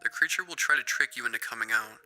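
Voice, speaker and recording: A man voicing a calm, sinister male boss on the phone, hushed and falsely reassuring. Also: medium pitch, fast, faint music behind, low-quality recording.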